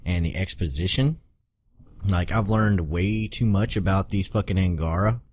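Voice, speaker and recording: A man's voice: low-pitched, normal speed, a little mellow, no echo, studio quality. A man co-hosting a casual gaming podcast, swearing freely and acting out his own reactions as he talks. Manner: profane, emphatic, acts out his own reactions. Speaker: podcast co-host.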